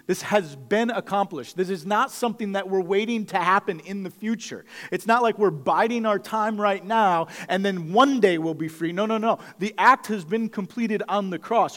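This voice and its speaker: A man's voice: high-pitched, moderate pace. Guy preaching a sermon in a church, emphatic, keeps repeating the big line, long hall reverb. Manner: emphatic, repeats key phrases, conversational asides. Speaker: pastor.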